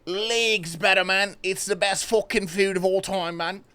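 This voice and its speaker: A man's voice: sits high, fairly even intonation, a little slow, sharp tone, clear, resonant tone, dry recording, pitched above the performer's own voice. A man putting on a brash bloke. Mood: boisterous. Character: brash crude Australian bloke, loud and cheerful.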